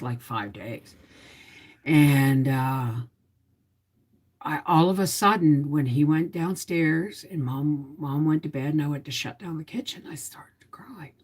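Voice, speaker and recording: Woman, 50s, livestream host, weary confiding ramble, deep voice. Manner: confiding, rambling storyteller who greets viewers. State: emotionally tired. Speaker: homestead vlogger hosting a livestream. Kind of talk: casual live-stream chat.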